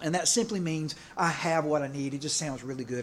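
A man preaching a sermon in a loose, conversational way, his voice sitting a little higher than most men's. He repeats words as he goes and keeps checking in with the congregation for an amen. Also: steady tone, fast talker, few pauses. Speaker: pastor.

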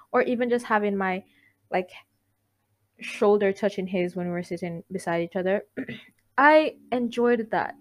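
Rambling, giggly young woman confiding. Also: medium pitch. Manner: rambling, self-interrupting, giggly; heartfelt and candid. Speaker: podcast host. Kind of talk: casual confessional monologue.

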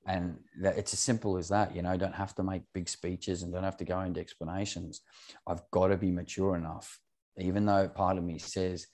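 Man, very low voice, candid podcast guest. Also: fairly even intonation, brisk, mellow. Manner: earnest, open, swears casually.

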